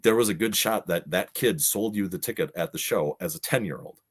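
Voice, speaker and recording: A man's voice: deep voice, fairly quick, slight background noise. A middle-aged man, a podcast guest, telling stories in a casual way and acting out what people said. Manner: animated storyteller, acts out quotes. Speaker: podcast guest, gaming show organizer. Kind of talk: casual storytelling.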